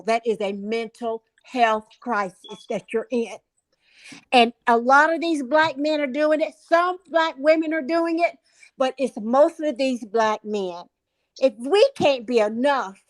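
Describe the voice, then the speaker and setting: A woman's voice: sits high, dry recording, rough recording. A woman with a Southern US accent, speaking insistently as she explains herself in a discussion. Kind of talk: casual discussion.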